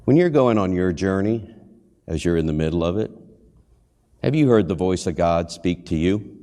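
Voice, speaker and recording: Deep-voiced man preaching in a reverberant church. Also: animated, moderate pace, mellow. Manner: earnest, questioning, acts out short quotes. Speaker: pastor and hospital chaplain. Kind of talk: sermon. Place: church sanctuary. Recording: long hall reverb.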